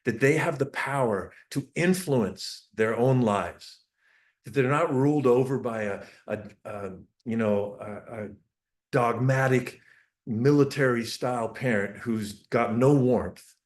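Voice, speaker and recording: A man's voice: medium pitch, unhurried. A man giving a parenting talk over a shared screen, telling family stories with earnest, restarting speech. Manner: storytelling, acts out family dialogue. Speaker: parenting speaker.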